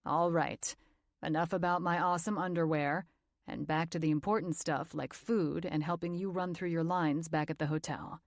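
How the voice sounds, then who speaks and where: A woman voicing a young male actor who soothes and teases his co-star in a slightly lowered voice. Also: steady tone, moderate pace, dry recording, clean studio sound. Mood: teasing. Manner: soothing, teasing. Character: teasing, gentle male actor, young adult.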